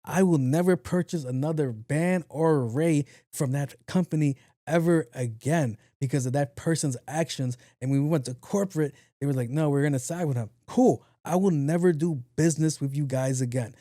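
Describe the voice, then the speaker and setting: A man hosting a podcast in a casual monologue, talking low and evenly, blunt and profane. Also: moderate pace, hardly any pauses, no room sound, clean studio sound. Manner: low-key, talks in a low even voice. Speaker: podcast host.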